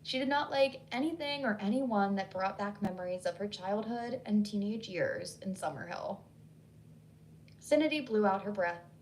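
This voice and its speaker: A woman narrating a horror story in a measured, scripted reading. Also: medium pitch, a little mellow, slight background noise, poor audio.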